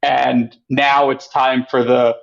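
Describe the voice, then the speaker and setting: A man guest on a podcast, chatting casually and acting out quotes in lively voices. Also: takes it slowly, vocal fry. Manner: animated, acts out quotes with pitch jumps. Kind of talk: casual storytelling chat. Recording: muffled lo-fi audio.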